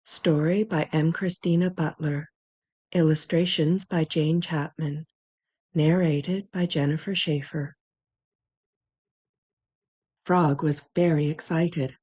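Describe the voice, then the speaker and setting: Storybook narrator, woman, low, unhurried, mellow, gentle. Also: fairly even intonation, husky. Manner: gentle, measured, with sound effects. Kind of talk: children's storybook reading.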